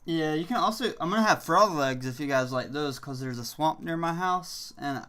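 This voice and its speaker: A man hosting a casual live stream chat, teasing his friends with deadpan jokes. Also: a little high, moderate pace.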